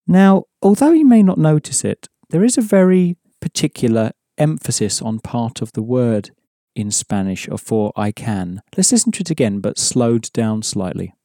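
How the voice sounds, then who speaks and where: A man teaching a scripted language lesson, explaining word stress in a measured way and slowing down for examples. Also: medium pitch, big pitch swings, dark tone, dry recording, studio quality.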